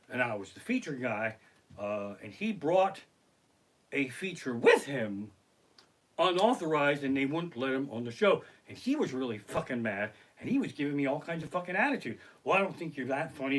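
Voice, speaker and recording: Middle-aged guy swearing thru comedy stories from his living room, bright voice, kinda high. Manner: profane, animated, acts out other people's lines. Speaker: stand-up comedian. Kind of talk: live-streamed stand-up storytelling. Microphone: basic home streaming mic.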